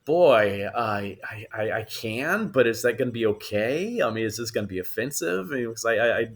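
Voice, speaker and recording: A man with a medium-pitched, animated voice talks fairly quickly in a podcast interview. An actor and voice actor, he tells lively stories, laughs a lot and imitates the people he quotes.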